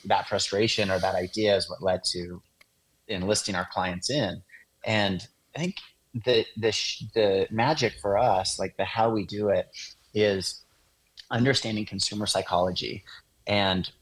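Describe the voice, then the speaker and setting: A man, an interview guest, explaining in a relaxed casual way with lots of fillers. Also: low voice, normal speed, rough recording. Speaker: guest, design agency founder.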